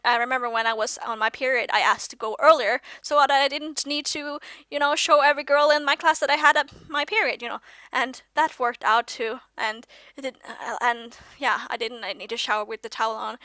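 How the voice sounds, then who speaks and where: Rambling young woman, bright voice. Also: on the high side, no room sound. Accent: mixed British-leaning English accent. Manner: rambling, self-correcting, drifts off topic. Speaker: vlogger. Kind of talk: casual confessional vlog monologue.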